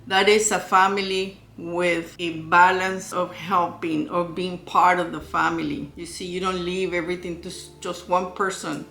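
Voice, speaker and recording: A woman's voice: lowish voice, level tone, normal speed, creaky, few pauses, sharp tone. A woman giving an informal spoken lesson on relationships in a candid, conversational way, often asking rhetorical questions. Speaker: relationship educator. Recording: echoey room with faint music.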